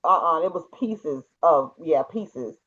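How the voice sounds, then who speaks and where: A high-pitched man with a bright, forward tone tells a story in an animated, casual way, laughing as he goes. The recording sounds a little dull and muffled. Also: a little slow. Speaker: podcast co-host.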